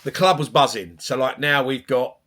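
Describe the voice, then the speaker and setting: A man, a boxing coach telling stories in casual chat, animated and swearing freely. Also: mid-range voice, moderate pace.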